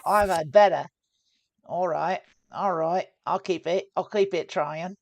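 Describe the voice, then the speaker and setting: A woman's voice: fairly low pitch, a little slow, a little mellow, no room sound, clean studio sound. A woman streaming poker, explaining each hand aloud as she plays, often restarting her sentences. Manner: thinks aloud about hands, restarts often. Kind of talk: live poker play-and-explain commentary.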